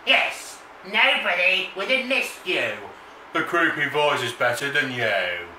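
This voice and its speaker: A man's voice: a little high, animated, slow pace, bright, forceful tone, exaggerated voice. A man voicing a mocking male heckler who jeers and insults him, in an echoey room from a distance. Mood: jeering. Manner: taunting, insulting, childish jeers. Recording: echoey room, distant mic, background noise.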